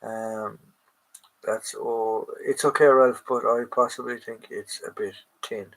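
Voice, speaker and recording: A man's voice: medium pitch, steady tone, slow pace, fairly bright tone, rough recording. Male stream host, casual live chat, rambling delivery full of fillers. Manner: rambling, many fillers and restarts.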